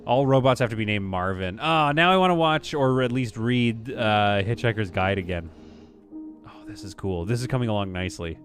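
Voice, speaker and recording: A man's voice: on the low side, lively intonation, normal speed, faint music behind. A man hosting a casual live stream, chatting as he plays and reading viewers' messages aloud. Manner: chatty, muses aloud, reads chat. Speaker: streamer host.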